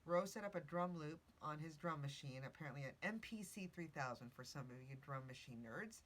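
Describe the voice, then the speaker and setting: A woman's voice: low voice, animated, brisk. Chatty woman hosting a podcast. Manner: chatty, reads from notes with self-corrections and asides. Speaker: podcast host. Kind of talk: casual storytelling podcast.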